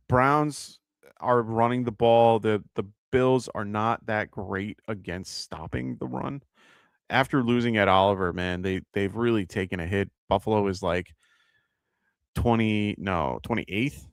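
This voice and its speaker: A man's voice: on the low side, a little slow, vocal fry, clear, resonant tone, no echo, clean studio sound. A man with a New York accent hosting a live fantasy football show, thinking aloud with lots of fillers and self-corrections. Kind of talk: casual live-stream advice.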